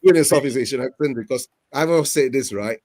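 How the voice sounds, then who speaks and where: A man in a casual football chat, jokey and animated, spinning theories. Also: medium pitch, quick pace, no room sound, clean studio sound.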